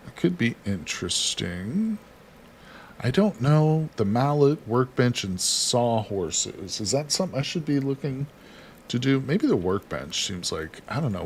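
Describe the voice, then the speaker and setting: Man, casual game stream host, chatty, reads viewer chat, slightly low voice. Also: slight background noise. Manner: chatty, reads chat aloud, talks himself through actions. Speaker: livestream host. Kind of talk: casual gameplay commentary.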